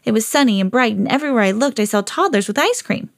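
Woman narrating as eager female dog, storybook, earnest, bouncy melody, fairly high voice. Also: fast, gravelly. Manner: earnest storybook reading, rising excitedly. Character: eager, lovable female pet dog telling her story. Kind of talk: children's storybook reading.

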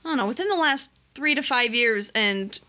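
Young woman cohost talking movies, high bouncy voice, laughs a lot, swears a bit. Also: lively intonation, moderate pace, bright, forceful tone. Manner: laughing, chatty, swears casually. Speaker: podcast co-host. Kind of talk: casual movie review chat.

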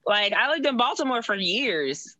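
A woman's voice: a little high, big pitch swings, normal speed, pushed and bright, no echo, rough recording. A woman from Boston, a podcast guest, talking in a laid-back, firm and jokey way. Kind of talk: casual podcast chat.

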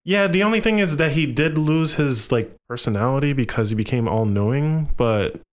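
Young man, casual chat, mid-range voice, halting, searches for words, podcast guest. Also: medium pitch, animated.

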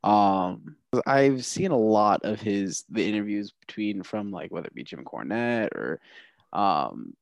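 Male podcast co-host, lowish voice, dry close sound, teasing. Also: lively intonation, a little slow, creaky, dry recording. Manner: teasing, hesitant with fillers. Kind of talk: casual podcast chat.

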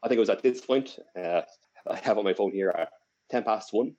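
A young Irishman co-hosting a podcast tells a lengthy, casual story, often restarting and using fillers. His voice is on the low side and dark in tone, his delivery fairly quick, with high frequencies cut off.

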